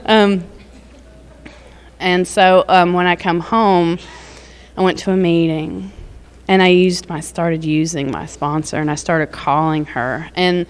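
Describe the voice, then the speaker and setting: A woman's voice: fairly low pitch, unhurried, pauses often, smooth. A woman, telling her personal recovery story in a candid, rambling way, with lots of fillers and laughs. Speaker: recovery speaker. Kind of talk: personal testimony.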